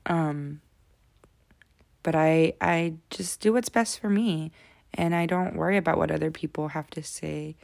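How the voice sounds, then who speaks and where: A woman in her thirties speaks casually and openly to her camera, her voice pitched a little low. She is emotional and close to tears at moments, and she fills her talk with "like" and restarts. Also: measured pace, gravelly, a little mellow. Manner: emotional, near tears at times, candid, many fillers. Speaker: vlogger answering follower questions.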